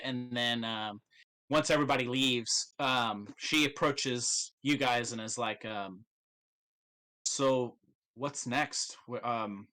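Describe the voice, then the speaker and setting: A man's voice: medium pitch, pushed and bright. A young man narrating as game master in a casual, swear-filled way.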